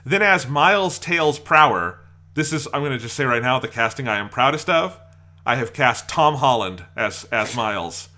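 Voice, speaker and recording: A man's voice: medium pitch, expressive, moderate pace, bright, forceful tone. A man co-hosting a podcast, chatting casually and enthusiastically, rambling a bit and laughing often. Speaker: podcast co-host. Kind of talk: casual chat.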